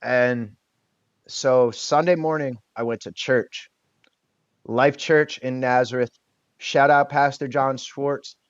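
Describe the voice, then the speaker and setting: A man's voice: medium pitch, fairly even intonation, slow pace, smooth, dry recording, highs cut off. A man in his thirties, a podcast guest telling an emotional personal story in a candid, casual way, swearing now and then.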